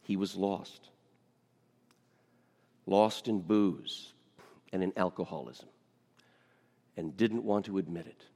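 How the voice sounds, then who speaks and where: Animated preacher in a reverberant hall. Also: male voice, lowish voice. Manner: animated, swings between loud and hushed. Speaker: pastor. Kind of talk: storytelling sermon.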